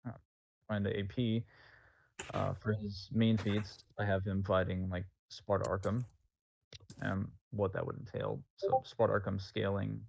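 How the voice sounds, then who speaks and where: Gravelly man, low voice, quick technical debater on a muffled voice call. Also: flat delivery, a little mellow, dry recording. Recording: dull, dry voice-call audio.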